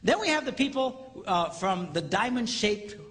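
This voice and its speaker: Male seminar speaker, high and wildly lively, reverberant auditorium. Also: a little slow. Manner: animated, acts out quoted voices for laughs. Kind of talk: live comedic lecture. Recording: reverberant hall with faint noise.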